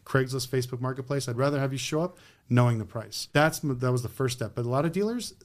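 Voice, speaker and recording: A man's voice: mid-range voice, fast. A man, a former car dealer, talking bluntly in an interview and acting out his customer exchanges. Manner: blunt, animated storytelling with acted customer exchanges. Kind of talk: interview conversation. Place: Las Vegas.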